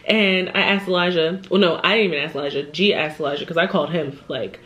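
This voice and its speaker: A woman's voice: on the low side, quick pace, hardly any pauses, highs cut off. Chatty woman telling a story over a meal. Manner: chatty, animated, laughs often, acts out quoted voices. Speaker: vlogger. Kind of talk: casual storytime while eating. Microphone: camera mic.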